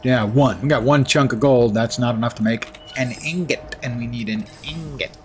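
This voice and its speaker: Male game streamer, mid-pitched, dry self-mocking humor, loose live chatter. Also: normal speed, music in the background. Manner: wry, self-mocking asides. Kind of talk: casual gameplay commentary.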